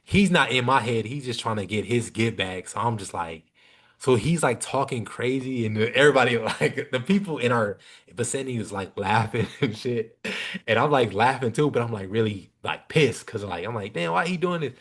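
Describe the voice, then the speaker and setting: A young man on a podcast, telling a story in casual, animated chat. He talks in loose slang and swears freely. His voice sits at an ordinary middle pitch for a man. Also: normal speed. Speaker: podcast guest.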